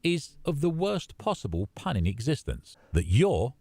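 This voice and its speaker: A man's voice: medium pitch, very animated, moderate pace, gravelly, darkish tone, no echo. A man with a British accent voicing a game's wry narrator with dry, playful storybook narration. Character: wry adult male storybook narrator of a game. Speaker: game narrator. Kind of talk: scripted narration.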